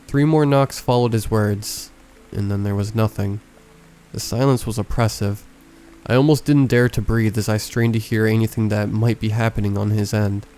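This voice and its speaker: Low, mellow-voiced man narrating horror. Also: steady tone, moderate pace, smooth. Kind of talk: scripted narration. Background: faint background music.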